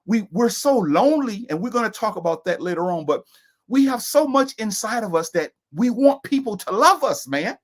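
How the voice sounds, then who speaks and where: A man's voice: high-pitched, big pitch swings, normal speed. A middle-aged man co-hosting a casual discussion broadcast, talking in an emphatic, preachy way. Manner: preachy, emphatic, sings and repeats lines. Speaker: co-host.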